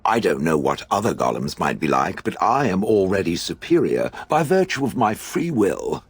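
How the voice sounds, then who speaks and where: A man's voice: low voice, sing-song, moderate pace, breathy edge, no echo, full character voice. A man voicing a sardonic, disdainful ancient stone golem in video game dialogue, speaking in a dry, mocking, condescending way.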